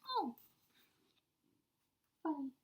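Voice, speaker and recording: A woman kindergarten teacher reading a picture book aloud to children, animated with soft-spoken asides. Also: sits high, very slow.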